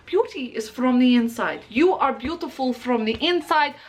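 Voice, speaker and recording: High-pitched, excitable young female makeup vlogger with a bubbly, self-praising delivery. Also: normal speed. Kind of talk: makeup tutorial chat.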